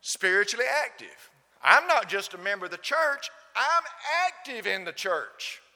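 A man's voice: high voice, sing-song, normal speed, pushed and bright, long reverb tail. A man preaching a sermon in a church, emphatic and full of rhetorical questions to the congregation. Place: church building.

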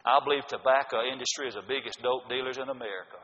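Older male preacher, emphatic folksy delivery; bright tone, long church reverb. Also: medium pitch, fast talker. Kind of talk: sermon. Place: church sanctuary. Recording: dull lo-fi sound in a reverberant hall.

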